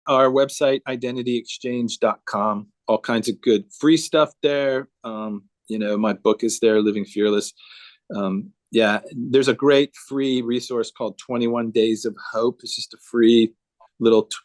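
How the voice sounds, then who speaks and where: A man's voice: medium pitch, steady tone, measured pace. Earnest man telling a story on a video call. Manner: earnest, emphatic, acts out dialogue. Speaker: guest speaker.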